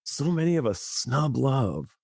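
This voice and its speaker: A man who works as a psychologist, speaking as a guest in a conversational podcast interview and telling stories in a lively, expressive way. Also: mid-range voice, a little slow, vocal fry, slightly rough, no echo, studio quality.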